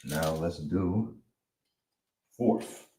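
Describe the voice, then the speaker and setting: Low-voiced guy teaching a class, says each syllable slow and repeats, mic kinda far, noisy. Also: warm tone. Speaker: language teacher. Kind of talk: livestreamed language class. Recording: distant mic with clear background noise.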